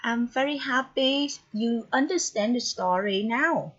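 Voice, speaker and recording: A woman teaching an English grammar lesson online, slow, deliberate and encouraging. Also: a little high, lively intonation. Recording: dull, lo-fi recording with faint noise.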